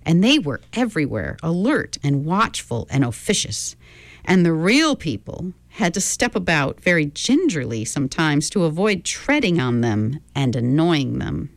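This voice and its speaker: A woman's voice: sits low, big pitch swings, measured pace, vocal fry, no room sound. A woman reading a storybook aloud, giving each character their own voice.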